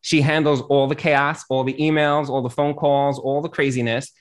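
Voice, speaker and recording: A man's voice: medium pitch, level tone, normal speed. A man, a rabbi and accountant, giving earnest marriage advice on a talk show and often repeating his phrases.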